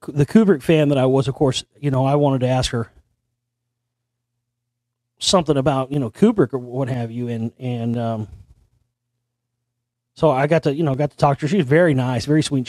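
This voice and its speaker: A man's voice: mid-range voice, brisk, mellow, dry recording, studio quality. A male host telling a long story in a meandering, conspiratorial way, often restarting his sentences. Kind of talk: rambling storytelling monologue.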